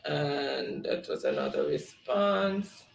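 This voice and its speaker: A man hosts a quiz stream, reading out the players' chat answers and laughing along. His voice sits high and he takes his time. The room around him is noticeably echoey. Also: huge pitch swings, takes it slowly, gravelly. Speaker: game show host. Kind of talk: live-stream quiz hosting.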